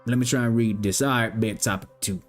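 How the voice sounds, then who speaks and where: This casual livestream host has a lowish voice with fairly even intonation and a brisk pace. He reads out viewer messages and rambles through his responses, swearing freely while faint music plays in the background.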